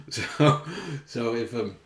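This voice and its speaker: Brief: male fitness coach, solo podcast, deep voice, rambling and self-conscious, echoey room. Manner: rambling and self-conscious, with frequent fillers and swearing. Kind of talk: casual solo podcast chat. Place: room indoors, filming himself. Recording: roomy echo.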